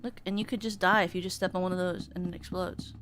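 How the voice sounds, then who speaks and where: A young woman streaming a game, chatting casually and mocking herself, with a sniffly nose and sudden excited shrieks. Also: on the low side, fast. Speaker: VTuber streamer. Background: game music.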